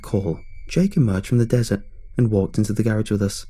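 A man narrating a scripted horror story in a measured, ominous way. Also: lowish voice, steady tone, warm tone, slightly rough.

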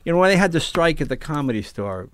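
Older man, comedian guest, lively swooping pitch, slightly high voice, dry close mic. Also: fast talker, no room sound. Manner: animated, acts out voices in anecdotes. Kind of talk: casual chat, storytelling.

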